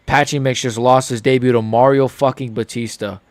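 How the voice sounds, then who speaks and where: A man's voice: medium pitch, steady tone, brisk, no room sound. A young man hosting a live fight reaction, ranting heatedly and swearing. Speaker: MMA channel host.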